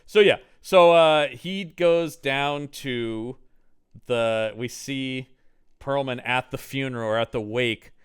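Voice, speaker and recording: A man's voice: mid-range voice, slow pace, clear, resonant tone. A man co-hosting a casual movie podcast, acting out characters' lines as he talks. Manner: animated, acts out characters' lines. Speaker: podcast co-host. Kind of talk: casual movie review chat.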